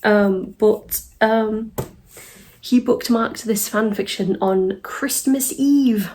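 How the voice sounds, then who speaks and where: A woman's voice: medium pitch, fairly even intonation, slow, a little mellow. A young woman from the UK giving a casual commentary vlog, chatty and exasperated, with many ums and nervous laughs. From United Kingdom. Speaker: YouTube commentator.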